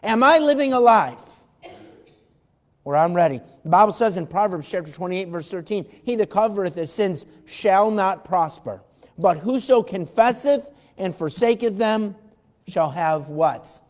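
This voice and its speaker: A pastor whose voice sits high with a darkish tone preaches an evening sermon in a church sanctuary at a moderate pace. He reads scripture aloud fervently in King James wording and addresses the congregation with direct questions, amid the long reverb of a large hall.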